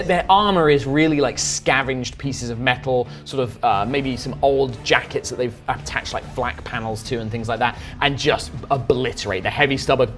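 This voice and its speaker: A man's voice: medium pitch, fairly bright tone. A man narrating a tabletop game as game master, describing scenes in a rambling, hesitant way with many fillers.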